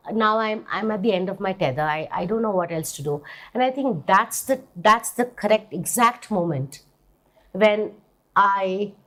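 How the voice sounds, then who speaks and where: Earnest Indian woman telling her story. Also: medium pitch. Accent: Indian English. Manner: earnest and emphatic, repeats and restarts words. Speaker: interviewee. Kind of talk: personal testimony.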